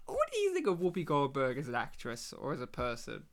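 A man hosting a casual movie commentary chat, jokey and animated, often jumping into high mocking voices. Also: fairly quick. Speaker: podcast host leading a movie commentary.

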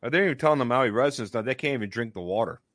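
A man's voice: mid-range voice, racing, fairly bright tone, no room sound, studio quality. A man hosting a casual discussion, making emphatic points and stopping often to say "okay".

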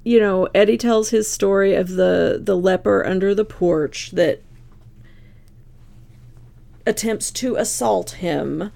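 A woman's voice: medium pitch, takes it slowly, creaky, long pauses, dark tone. A woman co-hosting a book podcast, giving brief agreeing replies and summaries. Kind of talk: casual chat.

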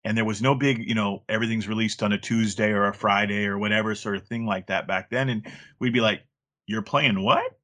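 Man, middle-aged, low-pitched, rambling, casual interview talk. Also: fairly even intonation, quick pace, fairly bright tone. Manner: rambling, many restarts and fillers. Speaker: guest, former game play counselor.

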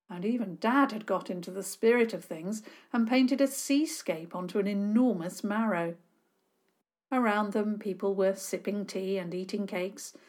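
A woman narrates a children's adventure story with lively expression. Her voice sits mid-range for a woman. She reads at a storyteller's pace, built for young listeners. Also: medium pitch. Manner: expressive, animated reading.

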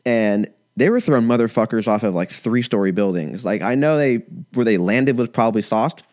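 A man in his twenties chatting casually and rambling, swearing a lot and sometimes breaking into loud impressions. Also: on the low side, normal speed. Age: 20s. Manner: profane, rambling, animated impressions. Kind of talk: casual chat.

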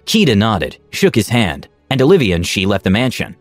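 A man narrating a fantasy story in an expressive, animated reading style. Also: on the low side, fairly quick, few pauses, dry recording, faint music behind.

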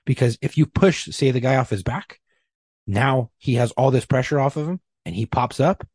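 A man's voice: medium pitch, moderate pace, breathy edge, no echo, studio quality. A man, a police officer, retelling a heated work dispute in casual podcast talk, swearing often and acting out both sides. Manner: profane, animated retelling with heated quoted exchanges.

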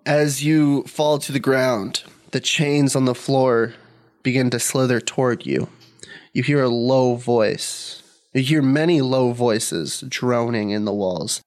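A man at a middle pitch runs a tabletop game as its game master. He narrates the scene and calls for rolls in a calm, matter-of-fact way. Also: takes it slowly.

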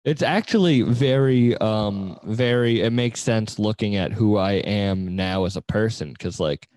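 A man's voice: lowish voice, measured pace, darkish tone, dry recording. A young man hosting a podcast in casual chat, laughing often and swearing as he tells stories. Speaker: podcast host.

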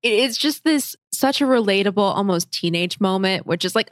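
Female podcast co-host, mid pitch, lively melody, dry close sound. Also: normal speed, dry recording. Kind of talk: casual chat.

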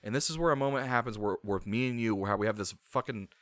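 A man co-hosting a casual podcast chat, retelling a movie scene by scene in an animated way, swearing freely and tossing in "dude". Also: lowish voice, fast talker, no echo, clean studio sound. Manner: animated storyteller, swears a lot, says "dude". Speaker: podcast co-host.

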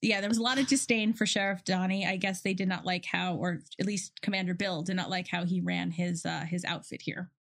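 A woman's voice: on the low side, fairly even intonation, a little fast, vocal fry, hardly any pauses. A woman co-hosting a podcast, chatting casually about a TV episode and retelling scenes with lots of restarts. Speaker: podcast co-host. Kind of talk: casual TV recap chat.

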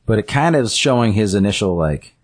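A man's voice: fairly low pitch, animated, fast. A man casually retelling a story scene by scene, rambling with fillers and self-corrections.

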